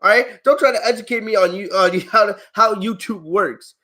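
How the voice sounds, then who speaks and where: A wrestling channel host with a high-pitched, pushed, bright voice reviews wrestling on a live stream at a moderate pace. Exasperated and heated, he rants at viewers in his chat, swearing freely and laughing at them.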